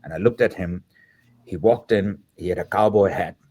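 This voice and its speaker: Low-voiced man telling a story. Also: normal speed. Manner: animated, acts out the dialogue of the people in his story. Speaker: podcast guest. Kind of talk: storytelling in an interview.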